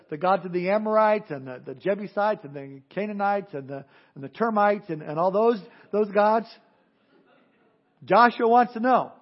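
A man preaching a sermon as pastor, animated, acting out crowd voices and dropping to hushed, earnest tones. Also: sits high, muffled recording.

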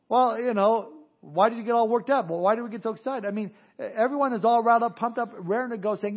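A man preaching a sermon as pastor, animated, acting out crowd voices and dropping to hushed, earnest tones. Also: sits high, fast talker, few pauses, highs cut off.

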